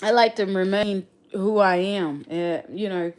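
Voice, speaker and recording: A woman's voice: medium pitch, steady tone, unhurried, a little mellow. A woman with a regional accent chatting casually on a livestream, reflective and often repeating and restarting her phrases. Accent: non-local regional accent. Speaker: livestream host.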